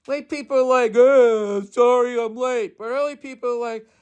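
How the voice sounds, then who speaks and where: A man voicing an over-the-top parody of a stand-up comic, in a high, strained, profane rant. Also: fairly even intonation, normal speed, smooth. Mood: mock ranting. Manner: exaggerated, profane ranting.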